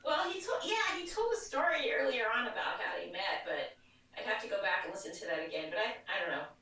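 A woman's voice: a little high, animated, fast, bright, forceful tone. A woman co-hosting a podcast, thinking aloud and questioning in casual chat. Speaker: podcast co-host. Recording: roomy echo from a distance.

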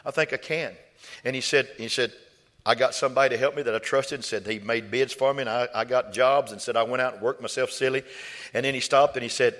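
A male preacher, delivering a sermon through stories. He repeats his words and swings from soft storytelling to loud, high exhortation. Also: fairly even intonation, fast, big-room sound. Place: church.

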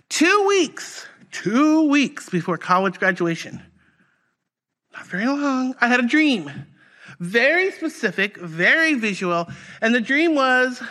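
A woman pastor preaching a personal testimony in a conversational, storytelling way. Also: mid-range voice. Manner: conversational, animated storytelling with fillers.

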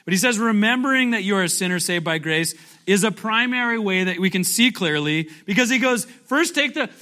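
A slightly fast, expressive pastor with a high, pushed, bright voice delivers a conversational sermon. He jokes, quizzes his congregation often, and playfully acts out passages of scripture.

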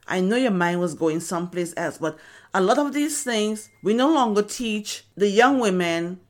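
A woman's voice: mid-range voice, lively intonation, normal speed. Woman in her fifties, earnest devotional podcast host teaching in the studio. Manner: earnest, preaching.

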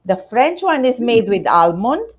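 Slow-speaking Romanian-accented woman. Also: fairly high pitch, big pitch swings. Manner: non-native phrasing, many hesitations. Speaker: macaron shop owner. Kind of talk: interview answers.

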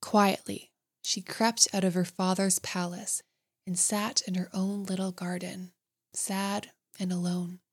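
A woman narrating a bedtime fairy tale in a gentle, slow, soothing reading voice. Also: fairly low pitch, little pitch movement. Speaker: storyteller. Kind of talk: calm bedtime story narration.

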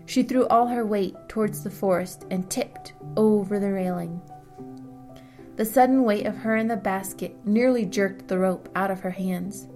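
A woman narrating a fantasy story in a steady storytelling manner. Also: mid-range voice. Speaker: audiobook narrator. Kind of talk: scripted narration.

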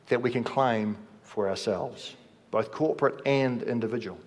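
A man preaching a sermon, slow and measured, letting his voice drop softly at the ends of phrases. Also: mid-range voice. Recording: long hall reverb.

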